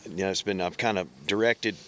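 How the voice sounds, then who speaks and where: A man with a very deep voice who talks in a plain, driven way. A faint hiss of background noise sits under his speech. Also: fairly even intonation, a little fast. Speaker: guest, brother. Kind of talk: casual chat.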